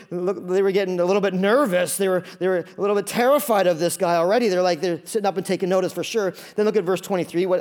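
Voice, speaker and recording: An animated pastor preaching to his congregation, high-pitched for a man. He keeps it loose and conversational, tossing in jokes between points. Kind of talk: sermon. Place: church before a congregation.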